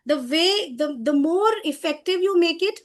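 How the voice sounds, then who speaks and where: A middle-aged woman, giving a lively teacher training lecture on storytelling, with frequent restarts. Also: extremely high pitch, normal speed. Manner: animated, demonstrative, loose restarts.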